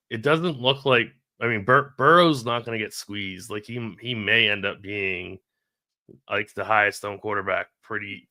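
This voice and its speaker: A man with a low, gravelly voice and a bright, forward edge talks in a loose, halting way, often stopping to restart a thought. The sound is dry and close, with no room around it. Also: dry recording. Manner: hesitant, many ums and restarts. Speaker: fantasy sports analyst. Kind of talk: casual live-stream chat.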